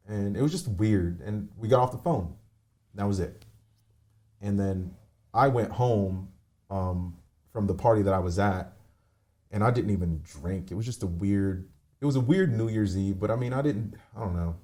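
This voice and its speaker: A man on a remote call telling a painful personal story, halting, with many fillers and restarts. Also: fairly low pitch, dark tone. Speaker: podcast guest.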